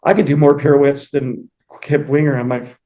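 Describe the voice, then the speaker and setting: A man talks as a guest in a casual interview, wandering through anecdotes. He fills gaps with fillers and acts out what people said. His voice sits a little higher than most men's. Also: little pitch movement, moderate pace, mellow, dull audio. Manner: rambling anecdotes with many fillers and acted-out quotes.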